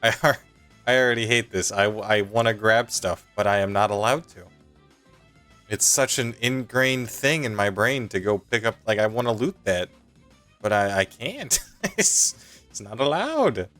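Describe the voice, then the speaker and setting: A man's voice: on the low side, lively intonation, a little slow, fairly bright tone, faint music behind. A young man giving comedic gameplay commentary, joking and self-mocking with stammered restarts. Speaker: gaming youtuber.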